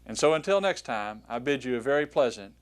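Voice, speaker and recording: A man's voice: mid-range voice, expressive, fairly quick, clear, resonant tone. A man teaching a recorded Greek lesson, patiently pronouncing each word aloud with frequent hesitations.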